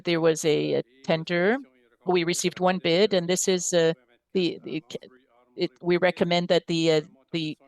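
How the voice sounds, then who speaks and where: Male staff presenter, clear resonant voice, stop-start delivery, dry close sound. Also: on the high side, dry recording. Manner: halting, with many restarts and fillers. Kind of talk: council meeting report.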